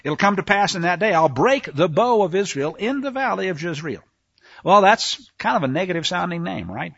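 A man preaching a sermon, reading scripture aloud and commenting with sarcastic asides, swinging between hushed passages and shouts. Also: high voice, expressive, normal speed, vocal fry, slightly rough, dry recording, dull audio.

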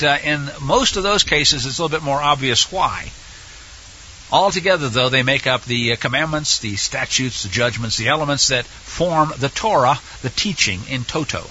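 A man's voice: a little high, sharp tone, dull audio, slight background noise. A man teaching a Torah portion, reading verses emphatically and explaining Hebrew words between them.

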